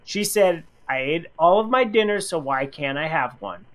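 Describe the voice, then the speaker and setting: A man co-hosting a radio show, reading funny listener anecdotes in casual chat and acting out the quoted lines with big pitch jumps. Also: expressive, normal speed. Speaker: radio co-host.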